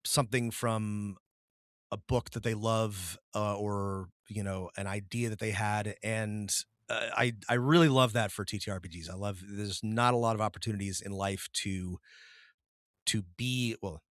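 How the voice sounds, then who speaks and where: A man's voice: on the low side, steady tone, moderate pace, fairly bright tone, no room sound, studio quality. Rambling laughing podcast co-host man. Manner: rambling, laughing, many restarts. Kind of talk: casual podcast chat.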